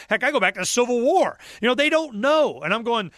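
A man in animated political talk, emphatic and storytelling, acting out the people he quotes. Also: very high voice, fast talker, hardly any pauses, no echo, studio quality.

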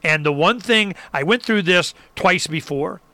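A man's voice: high-pitched, measured pace, no echo. A man telling stories in casual political talk, acting out other people's lines and whooping now and then. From Arizona. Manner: animated storyteller, acts out others and whoops.

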